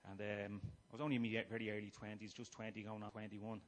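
A middle-aged Irish man giving a humorous personal testimony to a gathering, shifting between quiet musing and loud, acted-out shouting. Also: fairly low pitch, flat delivery, fast. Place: room before a live gathering.

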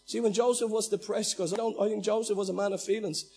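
A man, a pastor, preaching a sermon in an animated way, acting out quoted lines and swinging between loud and hushed delivery. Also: high voice, fast, gravelly, slightly rough, faint music behind.

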